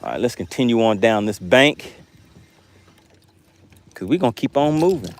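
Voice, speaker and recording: A man hosting a live fishing stream from a boat on a lake, chatting with viewers and getting excited over his catches. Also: mid-range voice, moderate pace. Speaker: fishing livestream host. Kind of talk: live fishing stream, reading chat aloud.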